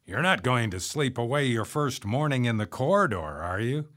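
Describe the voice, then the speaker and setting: A man voicing a chatty bearded male neighbor who talks on and on, in a raised, lively voice. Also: mid-range voice, moderate pace. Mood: eager. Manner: excited rambling talker. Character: chatty bearded middle-aged male neighbor, eager tour guide.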